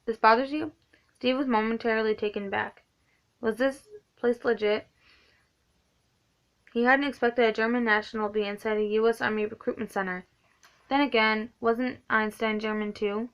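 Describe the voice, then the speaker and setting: Female reader, gravelly, self-correcting read-aloud; muffled lo-fi home audio. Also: on the high side, a bit bright. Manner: stumbles and corrects herself often. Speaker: reader of a book. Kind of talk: reading a novelization aloud.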